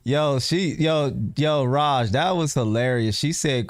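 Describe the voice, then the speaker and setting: A man's voice: medium pitch, slow, no room sound, clean studio sound, soft background music. A man hosting a casual live stream, laid-back and rambling as he talks to his viewers.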